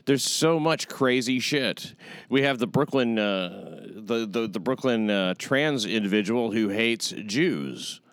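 A man's voice: fairly low pitch, lively intonation, slow, clean tone, no room sound. A man hosting a podcast in casual chat, blunt and profane, rambling with plenty of fillers. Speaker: podcast host.

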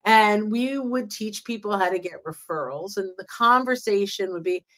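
A woman's voice: mid-range voice, animated, normal speed, hardly any pauses, bright, forceful tone. A woman, a sales trainer, chatting casually on a podcast, eagerly explaining her method and acting out sample conversations. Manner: enthusiastic, acts out example dialogue. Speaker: LinkedIn sales trainer, guest.

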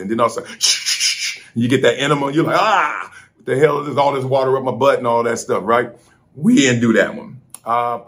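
A middle-aged man tells a story in a relaxed vlog from a hotel room while on vacation. He is animated, laughs often, and slips into the voices of the people he quotes. His pitch sits in the middle range for a man. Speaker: host.

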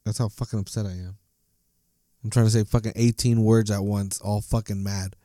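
A man's voice: on the low side, little pitch movement, moderate pace, mellow, no echo, clean studio sound. A man ranting angrily about his soccer team, swearing a lot and tripping over his words. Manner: angry, profane, stumbling ranting. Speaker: soccer fan commentator. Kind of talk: casual ranting monologue.

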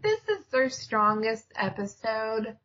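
A woman's voice: a little high, big pitch swings, slow pace, a bit bright. A woman co-hosting a casual TV review podcast, chatty and opinionated, laughing often. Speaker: podcast co-host. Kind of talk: casual chat reviewing TV shows. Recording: dull lo-fi audio.

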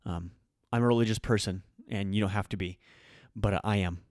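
A man's voice: on the low side, steady tone, fairly quick, a little mellow, no echo, clean studio sound. A man hosting a podcast, speaking heartfelt thanks with emotion and frequent hesitations. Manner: emotional, hesitant with many ums. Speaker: podcast host.

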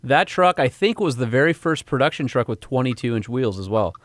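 A man's voice: medium pitch, animated, fairly quick, a bit bright, no room sound. Spec-rattling male co-host, dry sound. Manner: enthusiastic about technical specs, recites numbers. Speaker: co-host and automotive journalist. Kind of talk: casual chat.

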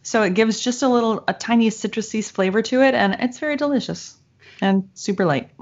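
A woman's voice: fairly high pitch, brisk, darkish tone. A young woman from Michigan, co-hosting a podcast and chatting casually, telling rambling stories and swearing freely. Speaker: podcast co-host. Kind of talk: casual chat. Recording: dull lo-fi sound.

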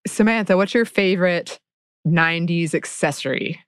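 Woman podcast host, easygoing chat, lots of laughs and murmurs, lowish pitch, dry sound. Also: moderate pace, smooth, no room sound. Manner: warm-humored, lots of affirming murmurs. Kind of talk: casual chat.

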